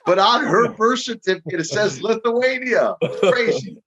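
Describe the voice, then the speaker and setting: An older man tells stories with an animated, stop-start delivery, doubling up words as he speaks. His voice sits a little high for a man. The recording is muffled and lo-fi. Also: moderate pace. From Minneapolis, US Midwest. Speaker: guest, retired pro wrestler. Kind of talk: casual storytelling interview. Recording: dull lo-fi audio.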